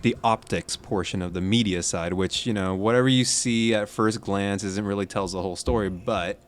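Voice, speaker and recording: A man's voice: fairly low pitch, steady tone, normal speed. A man hosting a casual podcast, asking curious questions and following along.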